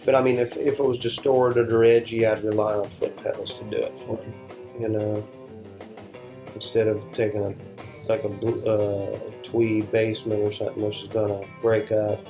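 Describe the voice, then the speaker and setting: Music runs underneath as a man talks at normal speed in a fairly low, level voice. A session guitarist on an interview, he tells relaxed, rambling stories and keeps restarting his sentences.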